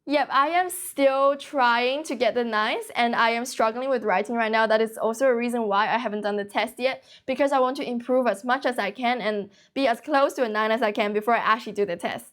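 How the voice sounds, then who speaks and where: A young woman in her late teens hosting a casual livestream, talking quickly and continuously with few pauses. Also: fairly high pitch. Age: young adult. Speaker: livestream host teaching English.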